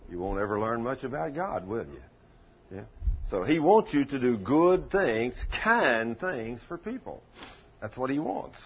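A man's voice: mid-range voice, very animated, a little slow, breathy edge. A man preacher giving a folksy sermon, telling stories and asking rhetorical questions. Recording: lo-fi dull recording.

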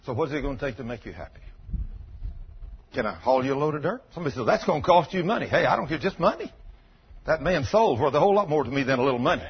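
A man's voice: medium pitch, sing-song, fast talker. A man preaching a sermon in a folksy storytelling way, acting out both sides of a conversation. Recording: dull lo-fi recording.

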